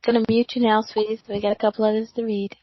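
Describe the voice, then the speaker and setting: A woman hosting an online session, moving callers along in a brisk, friendly way. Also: fairly high pitch, level tone, dull audio. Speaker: host.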